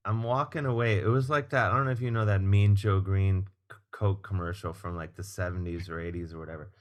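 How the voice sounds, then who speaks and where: A man with a fairly low voice spins a casual story as a podcast guest. He is animated and swears freely. He acts out the people he quotes. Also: brisk. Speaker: guest comedian and musician.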